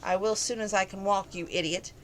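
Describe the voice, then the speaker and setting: A woman reading aloud, voicing an injured male kidnapper who groans and whimpers in a squeaky voice. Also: steady tone, fairly quick, a little hiss or hum, close to an everyday voice. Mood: groaning.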